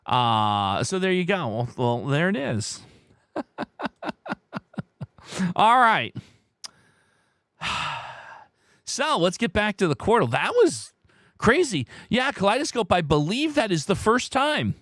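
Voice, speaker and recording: A man hosting a live word-game stream, reading out viewers' guesses in an excitable way, his voice worn hoarse. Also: sits high, moderate pace, dry recording, clean studio sound. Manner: animated, excitable, shouts "No!" at wrong guesses. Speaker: livestream host.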